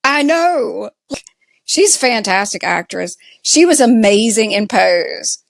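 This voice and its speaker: A woman with a Southern US accent talks slowly and loosely, stringing her thoughts together with "like" as she recaps a show. The recording is dry and close, with no room sound. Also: a little high, animated, creaky, no room sound. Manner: slow, chatty, lots of "like" fillers. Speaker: podcast co-host. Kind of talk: casual TV recap chat.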